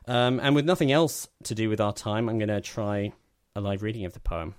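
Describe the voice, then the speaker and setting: Deep-voiced man, dry and rambling. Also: a little fast, smooth, no echo. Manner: rambling, self-deprecating, dry humor. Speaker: podcast host. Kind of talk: casual chat.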